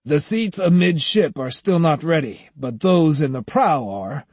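A man's voice: fairly high pitch, animated, unhurried, a little mellow, slightly rough, no echo. A man voicing an anxious, apologetic adult male manager who is eager to please, in an audiobook reading. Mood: polite. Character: flustered, fawning adult male shipping manager.

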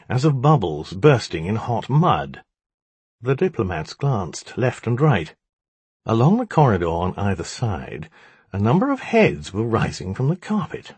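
A man's voice: fairly low pitch, wildly swooping pitch, measured pace, darkish tone, slightly rough, no room sound. A man narrating a story in a wry, dramatic storytelling manner. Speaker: audiobook narrator. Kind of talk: scripted narration.

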